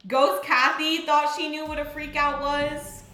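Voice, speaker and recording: A young woman streaming a game, chatting in an excitable, rambling way with lots of fillers. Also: high voice, unhurried. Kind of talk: casual live-stream chat. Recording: roomy echo with faint music.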